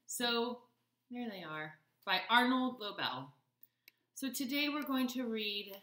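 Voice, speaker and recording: A woman's voice: fairly high pitch, roomy sound. A young woman reading a picture book aloud to children in a teacherly manner. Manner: slow, lively, teacherly. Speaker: children's story reader.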